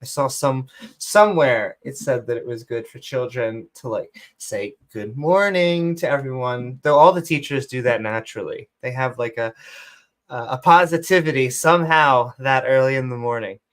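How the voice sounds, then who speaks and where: A woman hosting a live online call show, reading shout-outs to supporters and dropping sarcastic jokes in a sing-song voice. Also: a bass voice, lively intonation, normal speed. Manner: joking, sarcastic asides, sing-song bursts. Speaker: show host.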